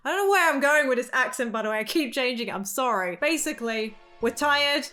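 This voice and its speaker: A woman's voice: sits high, expressive, fairly quick, hardly any pauses, sharp tone, faint music behind. A woman hosting a gaming channel, chatting playfully and joking through a game playthrough.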